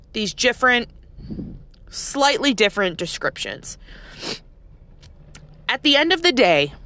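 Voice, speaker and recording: A woman's voice: medium pitch, pushed and bright. A woman who works as a nurse, ranting in a casual, blunt and profane way, with heavy sarcasm. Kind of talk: casual rant to camera.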